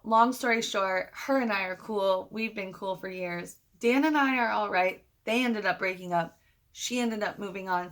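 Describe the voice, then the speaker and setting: A woman at a middle pitch, chatting through a personal storytime for her channel. She talks animatedly and slips into quoting the people in the story. It is a casual, direct-to-camera vlog voice. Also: creaky. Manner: animated retelling, quoting others. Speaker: vlogger.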